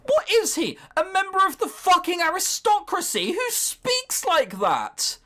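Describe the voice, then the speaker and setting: Young woman host, sarcastic and sweary, pitch leaping all over as she reads a game aloud. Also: huge pitch swings, a little slow, sharp tone. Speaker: let's play host. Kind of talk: reading a visual novel aloud with commentary.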